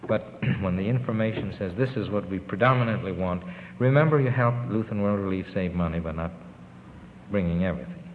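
Speaking low over a faint hiss or hum, the older man recounts his relief work abroad in a wandering, sincere way, with pauses between thoughts. The interview was recorded on tinny lo-fi tape drenched in long reverb.

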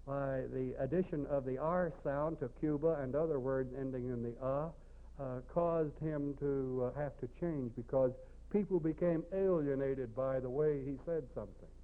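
A man with a St. Louis accent, a speech instructor giving a measured, explanatory classroom lecture and showing pitch changes with his own voice. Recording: tinny lo-fi phone-like recording.

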